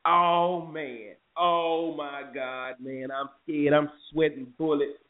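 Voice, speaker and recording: A man hosting a casual morning talk show, animated and profane, preaching advice to listeners. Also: on the high side, slow. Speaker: host. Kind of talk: casual chat. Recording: muffled phone-like audio.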